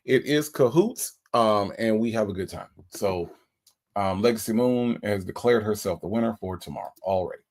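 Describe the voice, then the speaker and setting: A man's voice: on the low side, normal speed, a little mellow. A man hosting a casual livestream, greeting viewers by name in a folksy, chatty way. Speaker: livestream host.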